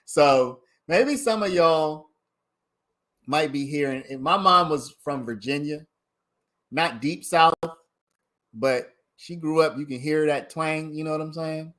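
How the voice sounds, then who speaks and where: A man's voice: on the high side, a little slow, a bit bright. A man hosting a casual livestream, giving his commentary in a chatty way and talking straight to his viewers. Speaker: livestream host commenting on a trial.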